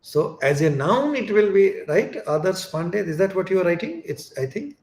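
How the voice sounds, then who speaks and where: Lively-voiced male teacher in echoey room. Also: high-pitched, moderate pace. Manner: explains step by step, often checks "get it?". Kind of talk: live online class explanation.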